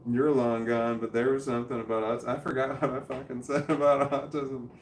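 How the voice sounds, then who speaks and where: A man talks off the cuff to his viewers at a middle pitch, rambling, dropping swear words and losing his thread. His voice bounces around a roomy space. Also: flat delivery, brisk, a little hiss or hum. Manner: rambling, swears constantly, loses his train of thought. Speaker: livestreamer answering chat. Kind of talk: rambling casual monologue.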